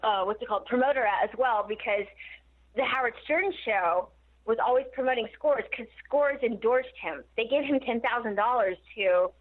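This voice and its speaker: A woman guest telling stories in a casual interview, animated and laughing often. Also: fairly high pitch, moderate pace. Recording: tinny phone line.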